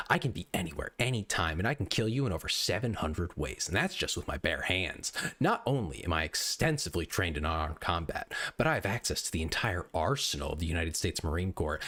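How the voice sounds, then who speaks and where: A boastful sniper hurls profane threats in a steady rant, as a man reads a meme aloud. The voice is deep, with pitch that rises and falls widely. The delivery stays menacing and over the top. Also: heavily acted. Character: boastful furious male sniper, threatening tough guy. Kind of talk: meme reading on stream.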